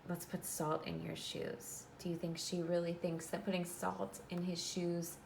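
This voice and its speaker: A female teacher reads a storybook to her class in a level, darkish, low-leaning voice, clear and instructive, pausing to explain. Faint hiss or hum runs underneath.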